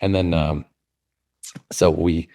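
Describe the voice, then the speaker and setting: Low-voiced, earnest male guest. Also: steady tone, takes it slowly, warm tone. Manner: earnest, reflective. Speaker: guest author. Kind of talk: casual conversation, storytelling.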